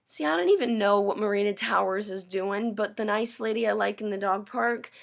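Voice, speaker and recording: A woman's voice: mid-range voice, a little fast, vocal fry. A woman ranting to camera in a personal vlog, bitter and sarcastic, swearing often. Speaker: vlogger. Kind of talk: angry personal rant.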